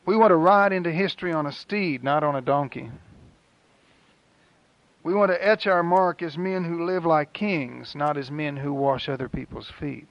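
A man delivers a sermon in earnest, rhythmic phrases with dramatic pauses. His voice sits slightly high for a man and carries a gravelly rasp. The recording is dry and muffled, with a lo-fi sound. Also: dry recording. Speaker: preacher.

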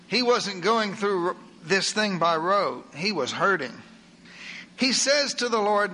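A man preaching a sermon in an earnest way, slowing down when he reads scripture aloud. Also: sits high, animated, pushed and bright.

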